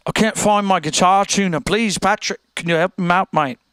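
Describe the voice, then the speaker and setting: A man's voice: sits high, normal speed, a bit bright, smooth, dry recording, voice pushed up. A man imitating a friendly older male guitarist with a put-on British accent, pleading over and over for a guitar tuner.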